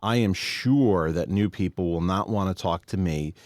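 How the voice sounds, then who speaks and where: Low-voiced man speaking candidly. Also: normal speed, darkish tone, no echo, studio quality. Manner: candid, self-reflective. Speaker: podcast co-host. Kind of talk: casual conversation.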